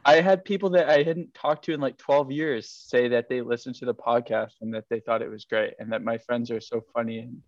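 A man's voice: mid-range voice, steady tone, brisk, hardly any pauses, dry recording. Rambling self-deprecating man on a podcast. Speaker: podcast guest. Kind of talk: casual podcast chat. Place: home room set up for podcasting. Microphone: headphones with a mic. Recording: slightly dull dry sound.

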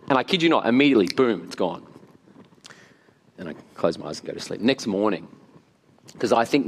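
A man's voice: medium pitch, quick pace, creaky, pauses often. A man from Australia with an Australian accent, preaching a sermon and telling stories with animation and frequent laughter. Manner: storytelling, animated, laughs often. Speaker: pastor. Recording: long hall reverb.

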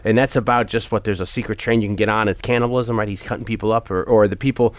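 A man with a lowish voice in casual conversation, rambling with eager restarts as he talks through films. The sound is dry and close, with no room around it. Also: fairly even intonation, fast talker, no echo. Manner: rambling, enthusiastic, lots of restarts. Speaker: podcast co-host. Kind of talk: casual chat about horror films.

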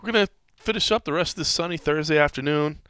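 Chatty, animated man podcast host. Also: on the high side, fast, smooth, no room sound. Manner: animated, chatty, repeats words as he thinks aloud. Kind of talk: casual chat.

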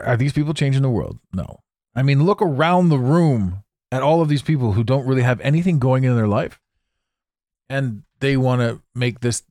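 A man's voice: mid-range voice, darkish tone, no echo, studio quality. A man hosting a solo podcast monologue, opinionated and sarcastic, talking conversationally and tossing in rhetorical questions. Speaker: podcast host.

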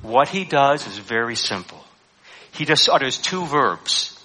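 A man preaching a sermon to a congregation, animated and emphatic, acting out quoted lines with frequent fillers. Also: mid-range voice, measured pace, husky.

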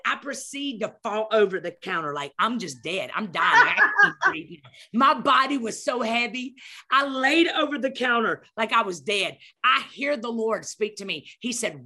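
A woman's voice: medium pitch, animated, moderate pace, pushed and bright. A middle-aged woman telling a story with emphatic, preacherly energy, acting out scenes as she goes. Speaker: podcast guest speaker. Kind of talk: animated storytelling.

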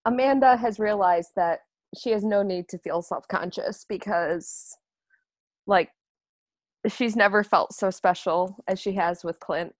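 A woman's voice: medium pitch, unhurried, no room sound. A woman player narrating her character's feelings in a tabletop game. She speaks in a friendly, chatty way, and her voice sounds dry and close. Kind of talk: tabletop role-play narration.

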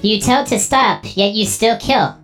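A man's voice: high voice, lively intonation, measured pace, a bit bright, faint music behind, voice pushed up, full character voice. A man voicing a small buzz droid that speaks in cold, literal lines. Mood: flat. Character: small flat-voiced floating buzz droid.

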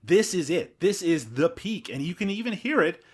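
A man's voice: high voice, big pitch swings, moderate pace, husky. A man hosting a podcast, chatting casually and playfully and laughing often. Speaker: podcast host.

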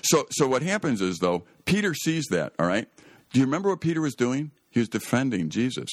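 A man's voice: medium pitch, sing-song, a little fast, no room sound, clean studio sound. A man hosting a Christian radio talk show, telling a Bible story in an earnest, emphatic way that often rises to exclaim.

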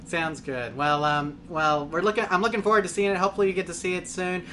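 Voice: medium pitch, steady tone, quick pace, a bit bright, slight background noise. A host in casual chat, upbeat and reassuring, reading out comments and laughing often.

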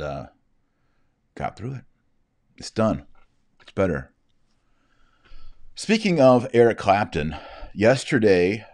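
Casting: Texan man, very deep voice, mouth numb from dental work, relaxed slurred drawl. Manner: slightly slurred, slow drawl. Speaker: Catholic commentary host. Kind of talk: casual commentary.

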